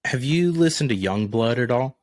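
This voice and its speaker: A man's voice: medium pitch, expressive, normal speed, darkish tone, no echo. A man co-hosting a podcast in casual chat, blunt and profane, laughing often. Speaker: podcast co-host.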